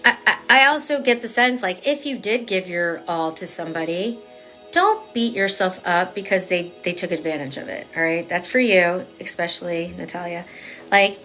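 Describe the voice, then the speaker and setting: A woman with a fairly low voice gives a live tarot reading. She talks in a chatty, emphatic, rambling way, full of fillers and restarts. Soft music plays faintly behind her. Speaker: tarot reader.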